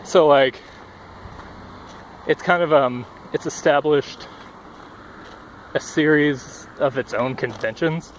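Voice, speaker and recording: A young man with a slightly high voice takes it slowly, leaving long pauses as he rambles out of breath in a casual outdoor vlog. He swears and uses plenty of fillers beside a busy road, his headphone cord mic picking up faint traffic and passing cars.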